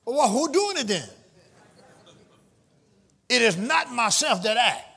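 A man preaching a sermon to a live congregation, calling out questions, teasing the listeners and rising into shouts. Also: very high-pitched, big pitch swings, slow, gravelly, slightly rough. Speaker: pastor. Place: church before a live congregation.

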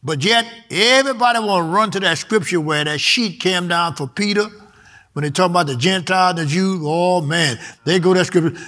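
A male preacher delivers a sermon with a bright, forward voice pitched a little high. He reads scripture aloud and hammers home his key words by repeating them. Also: animated, brisk.

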